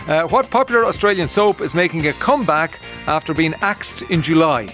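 A man's voice: on the high side, fairly quick, soft background music. Chatty Irish man on radio. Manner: relaxed, chatty, frequent "uh" fillers. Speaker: radio show host. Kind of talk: casual radio chat and reading listener messages. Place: radio studio.

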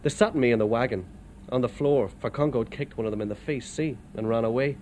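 An Irish man recounts his experiences in a plain, dry storytelling way, his pitch sitting at an ordinary middle for a man. A faint hiss of noise runs underneath his voice. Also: fast, a little mellow. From Ireland. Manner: plain, wry storytelling with local turns of phrase. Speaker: immigrant worker. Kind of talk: storytelling testimony.

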